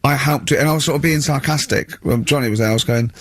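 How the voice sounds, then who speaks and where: Co-hosting a radio show, a man trades wry anecdotes in casual banter, quoting people in voices. He speaks at a medium pitch and a quick pace.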